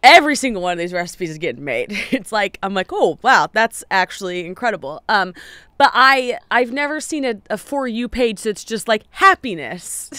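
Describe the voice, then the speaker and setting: A woman's voice: medium pitch, lively intonation, normal speed, pushed and bright, smooth, no echo, studio quality. A young woman co-hosting a casual chat podcast, talking in a chatty, rambling way with restarts. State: pregnant. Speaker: podcast co-host.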